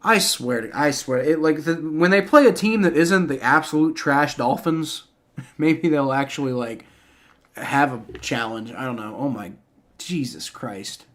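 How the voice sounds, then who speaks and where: A man's voice: on the high side, measured pace, fairly bright tone. A man live-streaming a game reaction, ranting in exasperation with heavy profanity and frequent stammering restarts.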